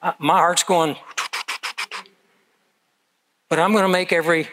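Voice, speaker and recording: A man's voice: a little high, steady tone, fast talker, fairly bright tone, a little hiss or hum, low-quality recording. A man in his seventies preaching a sermon, telling personal stories in an earnest, conversational way. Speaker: pastor.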